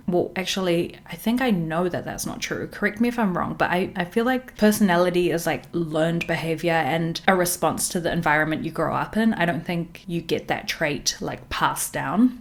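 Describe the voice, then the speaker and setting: Chatty, opinionated woman podcast host. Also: on the low side. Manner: chatty, opinionated, lots of fillers. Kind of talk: casual pop-culture commentary.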